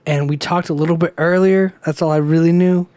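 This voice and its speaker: A young man with a slightly higher voice, chatting on a casual podcast. He rambles through a story, swears freely and acts out the people he quotes. The sound is close and dry. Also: fairly even intonation, a little fast, a little mellow, clear, resonant tone, dry recording. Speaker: podcast co-host. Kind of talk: casual chat.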